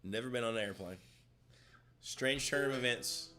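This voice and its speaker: A man co-hosting a live stream in laid-back, rambling chat that often trails off quietly. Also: mid-range voice, moderate pace, soft background music. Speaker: co-host of a guitar shop live stream. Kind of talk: casual chat.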